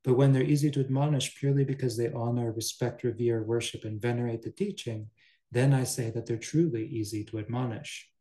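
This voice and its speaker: Mellow-voiced man giving a dharma talk. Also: medium pitch, a little fast. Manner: relaxed, with asides and chuckles. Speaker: Buddhist teacher. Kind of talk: dharma talk, reading and commenting. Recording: roomy echo.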